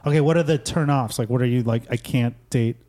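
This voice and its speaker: A man's voice: mid-range voice, brisk, dark tone. A man from Chicago hosting a podcast, joking around and asking his guest questions in casual chat. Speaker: podcast host.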